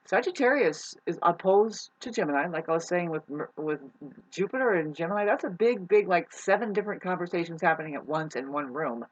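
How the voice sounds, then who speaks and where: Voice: medium pitch, animated, fairly quick, dull audio. A vlogger talking casually to viewers about astrology, meandering and restarting often, swearing casually. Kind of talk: casual rambling monologue to viewers.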